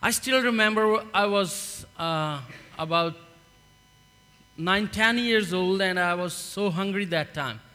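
A man with a Pakistani accent gives a halting church testimony, unhurried and full of pauses. His voice sits high and bright. The sound carries a long hall reverb over a low mains hum. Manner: earnest, halting, with many fillers. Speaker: refugee giving testimony in church.

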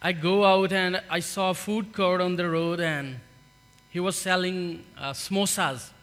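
A man from Pakistan with a Pakistani accent, giving an earnest, halting testimony in a church. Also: high voice, steady tone, a bit bright, in a large hall. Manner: earnest, halting, with many fillers. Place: church hall.

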